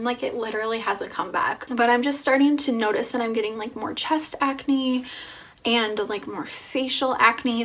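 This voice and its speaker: A young woman talking casually in a pregnancy vlog, chatty and full of "like", with soft breathy asides. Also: a little high. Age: young adult. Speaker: vlogger.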